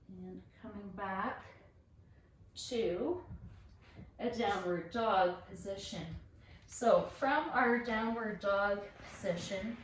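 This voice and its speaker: A woman instructor talks a yoga class through each pose, calm and encouraging, at an unhurried pace. Her voice sits off-mic in a very echoey room. A faint hum runs beneath it. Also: mid-range voice, far from the mic. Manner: calm, encouraging step-by-step cues. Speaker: fitness instructor.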